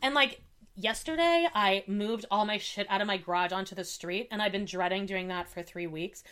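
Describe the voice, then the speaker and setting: A woman's voice: mid-range voice, normal speed. A young woman co-hosting a podcast, telling a personal story in casual chat and acting out the other people in it. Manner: animated storytelling, acts out quoted dialogue. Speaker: podcast co-host.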